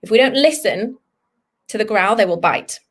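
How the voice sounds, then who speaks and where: A woman vet giving an online lesson to children, lively and encouraging, sometimes voicing what a dog is thinking. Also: mid-range voice, moderate pace. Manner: lively, speaks to children, voices the dog's thoughts. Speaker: veterinarian teaching children.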